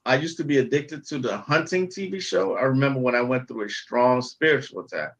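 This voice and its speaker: A man's voice: medium pitch, animated, brisk. A man hosting a livestream, ranting casually and stressing his points through repetition, sometimes putting on mock-pompous jargon. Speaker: livestream host.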